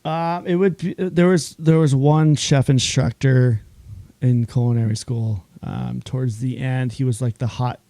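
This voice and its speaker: Gravelly, mellow-voiced chef telling stories. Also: male voice, mid-range voice, measured pace, no echo. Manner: animated storyteller, acts out quoted dialogue, laughs often. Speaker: chef, podcast guest. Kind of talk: casual interview chat.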